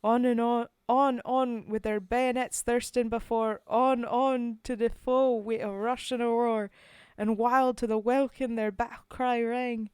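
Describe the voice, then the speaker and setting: Woman doing a Scottish accent, booming dramatic recitation, higher voice, dry room. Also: steady tone, measured pace, few pauses, clear, resonant tone, dry recording, close to an everyday voice. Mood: rousing. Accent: put-on Scottish. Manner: loud, rolling, dramatic recitation. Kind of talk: dramatic poetry reading.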